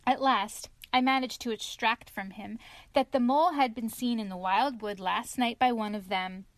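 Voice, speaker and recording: A woman reading aloud, voicing a cheerful, hearty male otter in a storybook, talking in a brisk lively way. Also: on the high side, no echo, natural voice. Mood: storytelling.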